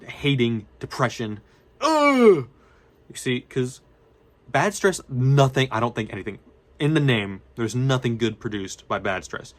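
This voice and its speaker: Young man, student vlogger, mid-pitched, rambling casual talk, restarts a lot, drops slang. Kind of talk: casual unscripted talk to camera.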